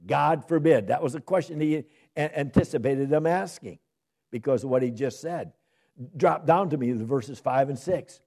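A man's voice: medium pitch, animated, a little mellow. A man preaching an expository sermon, reading scripture aloud emphatically and posing rhetorical questions to his listeners. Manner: reads scripture aloud slowly and emphatically, then explains it; asks and answers rhetorical questions.

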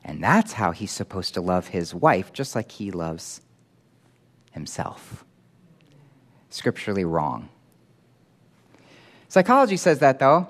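A man preaching a sermon, emphatic and animated, acting out quoted voices as he teaches. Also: medium pitch, normal speed.

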